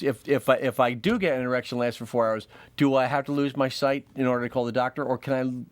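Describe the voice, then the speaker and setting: A man's voice: medium pitch, vocal fry, fairly bright tone, no echo. A man hosting a comedy show, delivering a rambling monologue and laughing at his own jokes. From United States. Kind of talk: comic monologue.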